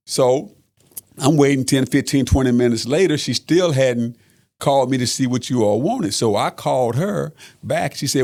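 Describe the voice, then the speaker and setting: A middle-aged man with a gravelly, creaky voice and an ordinary middle pitch. He tells a family story earnestly, circling back and repeating phrases, with plenty of "uh" along the way. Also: animated, normal speed, a little mellow. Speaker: father of the guest. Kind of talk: storytelling on a podcast.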